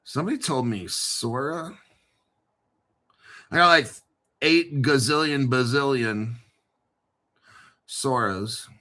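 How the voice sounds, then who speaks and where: A man's voice: mid-range voice, slow pace, long pauses, sharp tone. A middle-aged man hosting a crypto show, joking and swearing as he tells rambling stories. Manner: joking, profane, storytelling. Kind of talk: rambling casual monologue.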